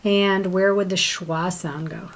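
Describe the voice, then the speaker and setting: A woman's voice: fairly low pitch, steady tone, takes it slowly, a little hiss or hum. A woman teacher giving a one-on-one reading lesson, patient and full of prompting questions.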